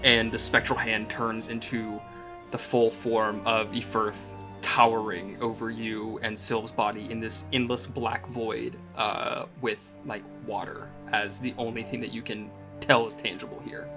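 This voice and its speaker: Low, flat-voiced game master. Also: male voice, unhurried. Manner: descriptive, with many filler "like"s. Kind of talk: narrating a tabletop game. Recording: music playing underneath.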